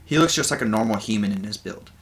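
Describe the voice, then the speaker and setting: A man narrating a tabletop game as game master, casual and describing things with many pauses and restarts. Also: on the low side, animated, a bit bright.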